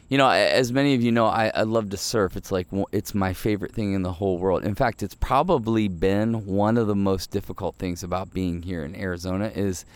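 A middle-aged man hosting a devotional podcast, talking in a relaxed, earnest way and telling stories with many fillers. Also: lowish voice, smooth. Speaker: podcast host.

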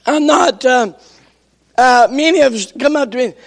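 Gravelly high-voiced preacher with a cough. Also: male voice, moderate pace, in a large hall. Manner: emphatic, repeats his refrain, rises to shouts. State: strained, coughing voice. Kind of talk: sermon. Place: church sanctuary.

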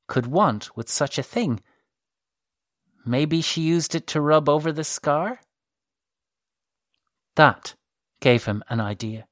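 A narrator reading a novel aloud in a measured, even way. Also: medium pitch, no room sound, studio quality. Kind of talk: scripted audiobook narration.

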